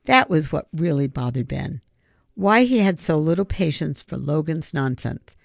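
A narrator reading a children's novel aloud in a steady, measured way. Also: medium pitch, creaky, dry recording. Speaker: audiobook narrator. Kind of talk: audiobook narration.

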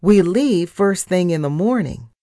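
A woman's voice: fairly low pitch, animated, measured pace, dark tone, dry recording, studio quality, pitched above the performer's own voice. A woman voicing a bossy, upbeat female mouse assistant in a storybook. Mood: eager.

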